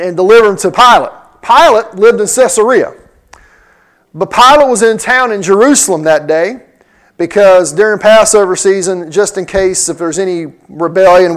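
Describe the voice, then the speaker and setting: A man with a high voice preaches a sermon. He walks through scripture verse by verse and acts out the lines he quotes. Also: rough recording. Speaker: pastor. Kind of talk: sermon teaching.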